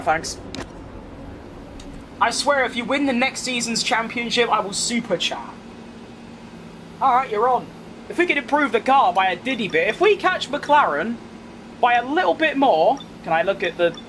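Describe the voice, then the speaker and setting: A young London man chatting through a racing game session in a wry, joking way. His voice sits high and swings widely in pitch. Faint game engine noise hums behind him. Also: animated, moderate pace, pauses often, a bit bright. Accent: London English. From England. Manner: chatty, reads chat aloud, wry and self-mocking. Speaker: gaming streamer. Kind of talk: casual commentary while playing.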